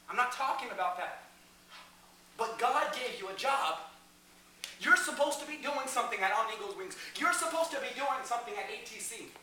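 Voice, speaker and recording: Shouting at the peaks and voicing the people in his stories, a man gives an animated youth sermon. He sounds high and very bright, captured from afar in an echoey large hall, with slight background noise.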